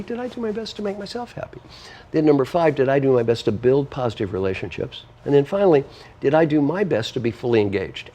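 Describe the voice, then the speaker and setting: A man's voice: mid-range voice, warm tone. A man speaking as an interview guest, explaining ideas in an emphatic, teacherly way and working through numbered points. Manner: emphatic, list-driven, teacherly. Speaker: guest author and coach. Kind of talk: conversational interview.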